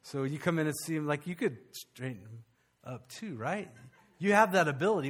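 A male pastor, preaching a conversational, animated sermon with frequent restarts. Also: on the high side, a little fast.

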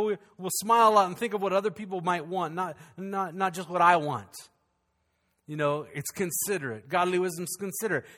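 A middle-aged male pastor preaching in a high, bright voice. He keeps it conversational and joking, stumbling over repeated words as he goes. His voice rings out with a long reverb from the hall. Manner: humorous, conversational preaching with many restarts. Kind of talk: sermon.

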